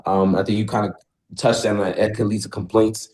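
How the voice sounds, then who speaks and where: Brief: deep-voiced male trainee, halting answers, roomy echo on a call. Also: little pitch movement, darkish tone. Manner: hesitant, searches for words with fillers.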